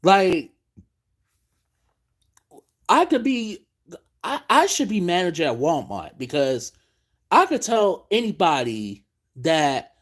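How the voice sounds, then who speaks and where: Male stream host, exasperated profane ranter, unhurried delivery. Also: sits high, very animated. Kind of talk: late-night live stream rant.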